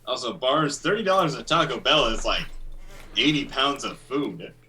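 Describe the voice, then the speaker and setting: A man playing a tabletop game in character, loud and excitable, his voice rising when he gets worked up. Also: medium pitch, moderate pace, poor audio. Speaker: tabletop player.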